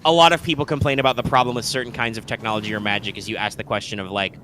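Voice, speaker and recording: A man's voice: mid-range voice, steady tone, racing, sharp tone, slight background noise. A man co-hosting a live gaming stream, chatting casually and rambling with lots of fillers, restarts and swearing. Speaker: co-host.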